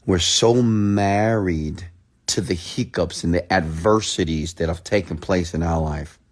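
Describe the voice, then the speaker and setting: A mentor rants in a late-night motivational livestream, speaking straight to his listeners and repeating phrases as he swings from loud pleading to a hushed, close tone. His voice is deep and a little slow.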